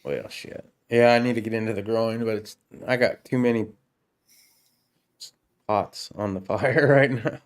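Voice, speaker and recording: A man's voice: lowish voice, steady tone, normal speed, pauses often. A man hosting a casual chat, laid-back, laughing often and swearing freely. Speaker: podcast host.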